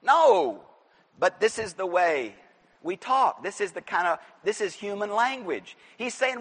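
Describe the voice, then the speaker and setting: A man preaching an expository sermon in a church, animated and emphatic, breaking into shouts at his high points. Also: measured pace, breathy edge. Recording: echoey hall reverb.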